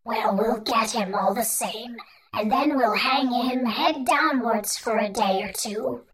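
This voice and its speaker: A woman's voice: fairly high pitch, takes it slowly, a loud crowd, low-quality recording. A woman voicing hissing, menacing giant spiders. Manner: spluttering, hissing, partly whispered.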